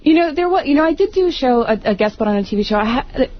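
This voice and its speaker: A woman's voice: high voice, lively intonation, fast talker, slight background noise. A woman from the Bronx, an actress guest on a radio talk show, telling stories in a chatty way and laughing often. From the Bronx, New York. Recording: dull radio broadcast audio.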